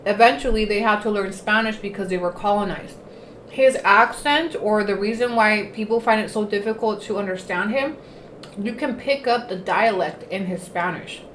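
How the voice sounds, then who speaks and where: A woman's voice: medium pitch, normal speed, fairly bright tone. A woman hosting a casual livestream, talking chattily while eating and mixing Spanish words into her English. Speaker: livestream host. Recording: echoey room, faint noise.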